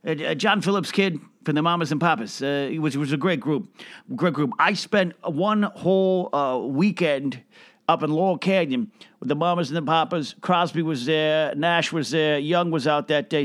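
A man's voice: mid-range voice, no echo, studio quality, lightly acted. A man playing a boastful, rambling old Hollywood producer who name-drops and restarts his sentences in a comedic monologue. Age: older. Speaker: film producer character.

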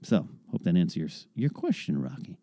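A podcast host works through listener questions in casual, wry, rambling talk, often breaking off mid-thought and starting over. His deep voice swoops wildly in pitch at a normal pace, with vocal fry and a mellow quality. The studio sound is clean, with no room sound.

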